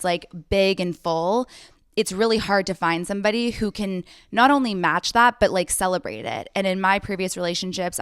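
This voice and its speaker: A woman's voice: lowish voice, smooth, dry recording, studio quality. A young adult woman hosting a podcast, telling a personal story in an effusive, chatty way with frequent "like" asides. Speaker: podcast host. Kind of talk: casual podcast conversation.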